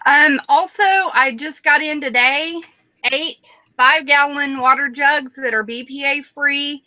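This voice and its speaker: A woman's voice: high voice, measured pace, no echo, muffled recording. A woman hosting a casual online panel who chats and reads viewer comments aloud. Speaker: panel host.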